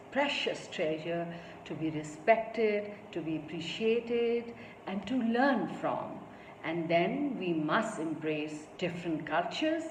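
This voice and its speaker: A woman reading a story aloud to children, adding her own asides as she goes. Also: on the low side. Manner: warm, explanatory asides to children. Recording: echoey room with faint noise.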